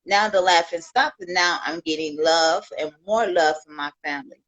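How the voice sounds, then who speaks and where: A woman's voice: on the low side, normal speed, fairly bright tone, no room sound, dull audio. A woman from Chicago on a livestream, talking with heartfelt, rambling thanks to her viewers and peppering her talk with "you know". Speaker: livestream host.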